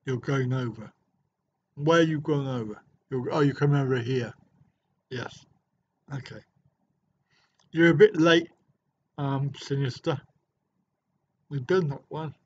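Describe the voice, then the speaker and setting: Speaking at a measured pace with long pauses, a middle-aged man in a hotel room hosts a livestream, answering viewer comments with casual chat and jokes. His voice is mid-range, and the dull lo-fi audio has a little hiss or hum.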